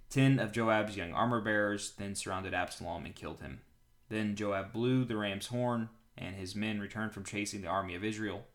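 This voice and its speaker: A man with a fairly low voice reads scripture aloud in an earnest, measured way. Now and then he stops to reflect in a gentler, conversational tone with soft fillers, like a Bible reading podcast host.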